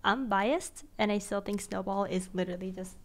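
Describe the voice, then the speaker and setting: A young woman streaming, chatting casually and excitedly with viewers, gushing and giggly with lots of slang. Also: mid-range voice, moderate pace.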